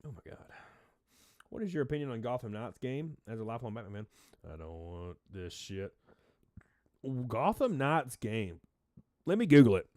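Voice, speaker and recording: A man's voice: medium pitch, dry recording, studio quality. A man hosting a casual livestream, rambling and reading out chat names, stuffy-nosed and a little out of breath. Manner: rambling, reads chat names aloud, shouts out donors. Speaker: livestream host.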